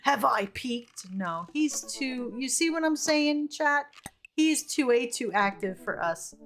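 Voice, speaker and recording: A woman's voice: sits high, lively intonation, slow pace, a bit bright, slight background noise. A woman streamer giving casual commentary on a game, laughing often and reading chat aloud.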